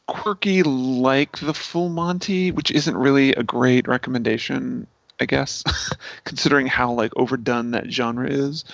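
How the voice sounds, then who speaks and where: A man's voice: medium pitch, vocal fry, no room sound. A man chatting casually on a podcast as a guest, gushing and laughing often. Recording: dull, dry sound.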